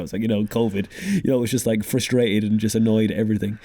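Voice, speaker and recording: Fast-talking man, low and dark. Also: fairly even intonation, no echo. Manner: rambling, swears freely, says "mate". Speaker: podcast host. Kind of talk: casual chat.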